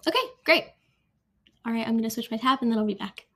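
A teenage girl talks straight to camera in a casual vlog. Her voice sits a little high, and she speaks loosely with plenty of ums. She narrates each thing she does as she goes. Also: steady tone, very fast, a little mellow. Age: late teens. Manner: chatty, many filler ums, talks through each step. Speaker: vlogger opening college decisions.

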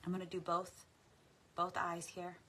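A woman guiding a tapping meditation, speaking affirmations slowly and softly with deep sighs between them. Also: monotone, husky. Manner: slow, soft and soothing, with frequent deep sighs. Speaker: guided tapping practice leader.

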